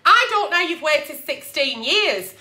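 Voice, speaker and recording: A woman with a high, bouncing voice rants agony-aunt advice on her vlog. She is blunt and swears constantly. The room around her rings with echo. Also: a little slow, slight background noise. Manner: blunt, profane and animated.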